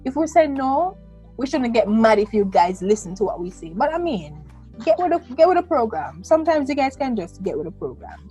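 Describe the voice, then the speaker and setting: A woman co-hosting a casual panel discussion, talking in a lively, playful and emphatic way. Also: fairly high pitch, fairly quick, soft background music. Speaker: co-host.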